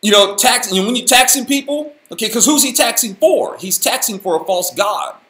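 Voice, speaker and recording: A man hosting a casual Bible study, talking in an animated, folksy, slangy way. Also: very high-pitched, brisk, roomy sound. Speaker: host, Bible teacher.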